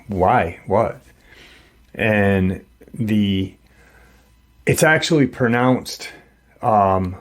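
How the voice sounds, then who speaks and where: Guy slowly retelling a creepy story, lots of ums and restarts, casual chatty tone. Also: fairly low pitch. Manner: halting, many fillers and restarts; conversational, quotes others in plain voice. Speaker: paranormal storyteller.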